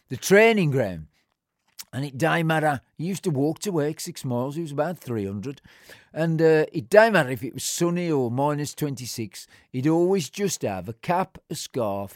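A man's voice: medium pitch, darkish tone, dry recording, clean studio sound. An older man, telling a rambling personal story in a conversational way, with many fillers and restarts.

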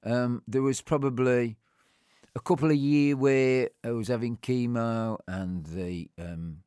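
A middle-aged man speaks, rambling through heartfelt memories and circling back on his words. His voice sits at an ordinary middle pitch. The sound is dry and close, with no room echo. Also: steady tone, slow, mellow, clean tone. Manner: rambling, heartfelt storytelling with frequent restarts. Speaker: interviewee. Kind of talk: personal reminiscence.

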